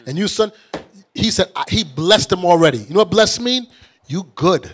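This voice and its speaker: Husky, animated preaching man. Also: sits high, normal speed. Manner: animated, colloquial, acts out characters in street talk. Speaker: bishop teaching scripture. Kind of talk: preaching bible study.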